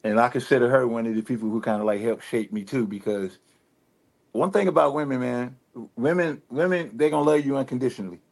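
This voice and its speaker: A man with a Detroit drawl speaks in a laid-back, rambling way, circling back with fillers and restarts as he talks through his thoughts. His voice sits at a middling pitch. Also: a little fast, gravelly, a little mellow. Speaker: rapper guest. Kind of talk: casual interview talk.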